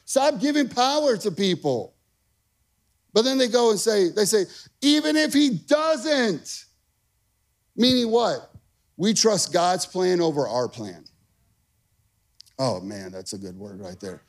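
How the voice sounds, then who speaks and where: A male pastor preaching a sermon, energetic and emphatic, repeating phrases for punch and throwing in casual asides to the congregation. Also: high-pitched, a little slow, pauses often.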